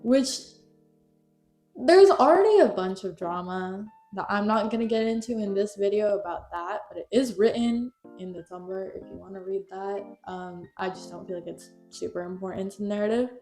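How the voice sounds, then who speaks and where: Casting note: young female YouTuber, chatty and animated, in a roomy space with faint music underneath. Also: medium pitch, moderate pace. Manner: gossipy, animated, many "like"s. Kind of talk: casual commentary video. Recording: echoey room, faint music.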